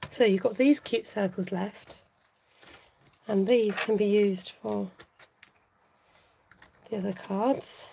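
A woman's voice: medium pitch, steady tone, slow pace, creaky, pauses often, warm tone, a little hiss or hum. A woman hosting a card-making tutorial, chatting and thinking aloud to herself as she works. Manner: chatty, self-talking, giggly, scattered.

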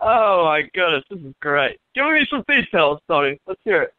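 A man's voice: sits high, sing-song, normal speed, hardly any pauses. Fields: Sex: man. Role: prank caller. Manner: taunting, mocking. Audio: tinny phone line.

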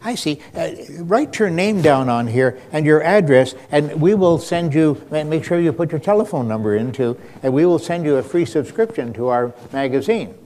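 A man's voice: on the high side, expressive, normal speed, few pauses, darkish tone, pitched above the performer's own voice, lightly acted. A man voicing a sweet-talking, scheming preacher's wife, with a coaxing manner.

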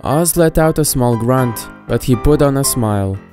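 A woman narrating a storybook with a steady, even-paced reading. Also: rumbling low, moderate pace. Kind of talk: storybook narration of fan fiction. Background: faint background music.

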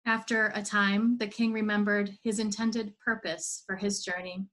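A woman telling a parable in an online church service, in a measured, steady reading. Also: mid-range voice, low-quality recording. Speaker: worship leader.

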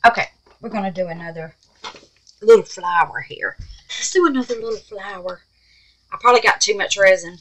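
A woman's voice: mid-range voice, brisk, pauses often, a bit bright, low-quality recording. A woman hosting a casual crafting vlog, gasping and exclaiming as she works and muttering to herself. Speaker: craft channel host.

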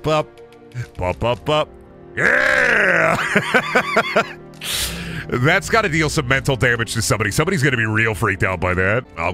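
A man streaming a video game, talking crudely and excitably and laughing often. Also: fairly low pitch. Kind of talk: casual gameplay commentary. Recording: music playing behind the voice.

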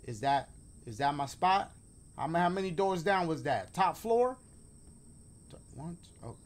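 Slangy high-voiced man playing a game. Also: lively intonation, a little slow, a little hiss or hum. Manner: slangy, joking, talks to the viewers. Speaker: gaming YouTuber. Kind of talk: let's play commentary.

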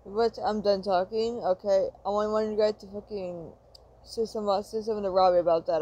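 A woman vlogging an angry rant straight at her viewers, swearing constantly and circling back over the same complaints. Her voice has a soft, mellow tone that sits in a middle register. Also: medium pitch, fairly even intonation, a little fast. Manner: profane, frustrated, repetitive ranting.

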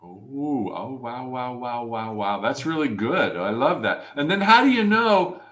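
A man's voice: medium pitch, sing-song, unhurried, a bit bright. A man hosting an interview, reacting with effusive enthusiasm. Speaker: host. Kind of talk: casual interview.

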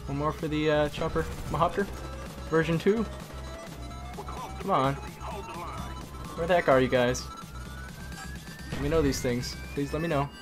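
A man's voice: a little high, fairly even intonation, a little slow, long pauses. A tired man giving rambling, casual commentary on his own gameplay, talking to himself and swapping swear words for mild ones. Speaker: gaming commentator. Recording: game audio with music underneath.

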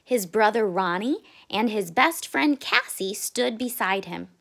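Teacher lady doing a read-aloud, slow and lively, sing-songy pitch. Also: gravelly. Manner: expressive and deliberate. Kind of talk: read-aloud storybook narration.

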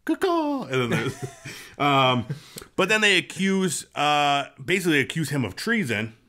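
A man hosts a relaxed podcast chat in a bright, clear voice. He rambles along with plenty of fillers and restarts, now and then slipping into quick acted-out quotes. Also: a little high. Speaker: podcast host. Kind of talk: casual chat.

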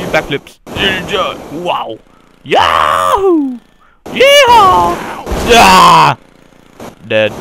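A man doing goofy let's play commentary, joking along and bursting into loud yelps. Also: mid-range voice, noisy background. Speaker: gaming commentator.

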